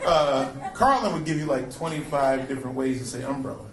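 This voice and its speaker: A man performing stand-up comedy, animated and breaking into impressions of other voices. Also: medium pitch, fairly quick, very noisy. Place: comedy club stage. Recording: roomy live club sound from a distance with loud crowd. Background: audience laughing.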